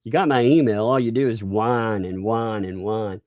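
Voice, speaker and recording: A man's voice: lowish voice, moderate pace, a little mellow, dry recording. A man hosting a livestream, ranting in a combative, mocking way and swearing freely. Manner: combative, mocking, swears, laughs between lines. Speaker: livestream host.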